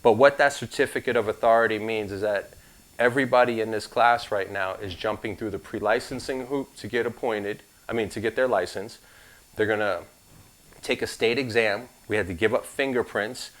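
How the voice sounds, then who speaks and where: A man's voice: fairly low pitch, normal speed, a bit bright, low-quality recording. Casual male insurance instructor lecturing. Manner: casual, conversational teaching with frank asides. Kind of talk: live class lecture.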